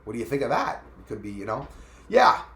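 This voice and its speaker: Animated man rambling on a live stream. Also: medium pitch, a little fast, echoey room. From Canada. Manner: animated, rambling, talks back to chat. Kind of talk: casual live-stream chat, reading viewer comments.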